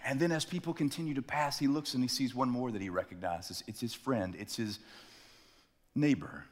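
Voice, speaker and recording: A male pastor preaching a sermon in a church sanctuary, telling stories with dramatic slowdowns for emphasis. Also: medium pitch, long reverb tail.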